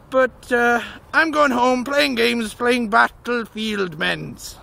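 A young man vlogging while walking along a road, talking loudly and jokily and shouting at the wind. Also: very high voice, animated, slow, vocal fry. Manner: loud, silly, jokey, shouts at the wind and cars. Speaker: gaming vlogger. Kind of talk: rambling outdoor vlog. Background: wind and passing traffic.

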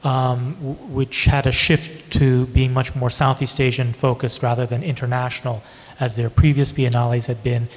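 A man moderating questions at a gallery book launch, speaking in a relaxed, conversational way with the odd filler. His voice rings out with a long hall reverb. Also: medium pitch, normal speed, few pauses. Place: gallery event space.

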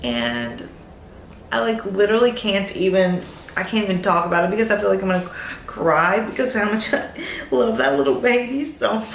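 Gushing, gravelly-voiced new mother. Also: mid-range voice, expressive, fairly quick, roomy sound, a little hiss or hum. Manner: gushing, giggly, overcome with emotion. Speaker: new mother vlogging her birth. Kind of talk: casual vlog. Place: hospital room.

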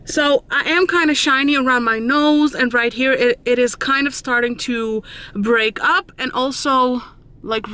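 A woman's voice: on the high side, a bit bright. A woman chatting casually to camera as a beauty vlogger, informal and talkative. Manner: chatty, informal, addresses viewers as guys.

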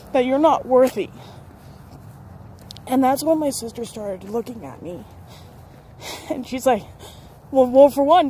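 A young adult woman talks straight into the camera about her own past. Her voice sits a little high, and she rambles, laughs and corrects herself as she goes. There is a faint hum behind her. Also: dark tone. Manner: candid, rambling, laughs often, self-correcting. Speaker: vlogger. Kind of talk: personal storytelling to camera.

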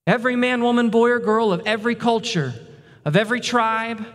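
High-voiced male pastor preaching in a reverberant hall. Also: fairly quick, fairly bright tone. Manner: emphatic preaching, repeats words for stress. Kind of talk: sermon. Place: church sanctuary.

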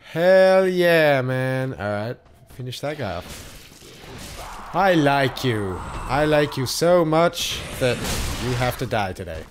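A man giving live gameplay commentary as a gaming channel host, excitable and swearing often at the game. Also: medium pitch, takes it slowly, noisy background. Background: game music.

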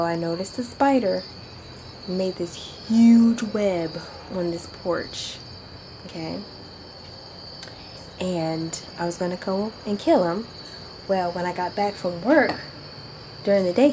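A woman's voice: medium pitch, a little hiss or hum, poor audio. A woman vlogger chatting nervously to a handheld camera while standing on her front porch outdoors at night. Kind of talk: casual vlog. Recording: outdoor night with loud crickets.

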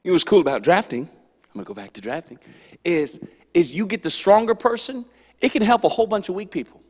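A man with a high voice preaches to young people in an animated, storytelling way. His lines carry the long reverb of a church hall. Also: brisk, slightly rough. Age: adult. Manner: animated, storytelling with acted-out quotes. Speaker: youth pastor. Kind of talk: youth sermon. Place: church sanctuary.

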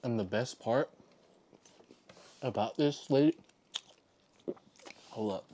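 Slow, relaxed man talking while eating. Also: mid-range voice, a little hiss or hum. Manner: excited, talks with his mouth full. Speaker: vlogger. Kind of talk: casual eating vlog.

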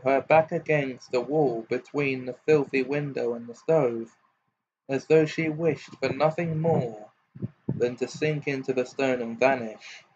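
A man reading a storybook aloud in an unhurried, steady narration, in a muffled home recording. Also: medium pitch, slight background noise. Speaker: audiobook reader.

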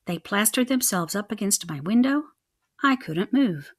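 Expressive woman reading a children's book. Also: mid-range voice, normal speed. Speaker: reader.

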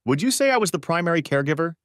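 A man voicing a calm, wronged husband in a narrated story, asking gentle, measured questions. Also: a little high, no echo, studio quality, voice pushed up. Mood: probing.

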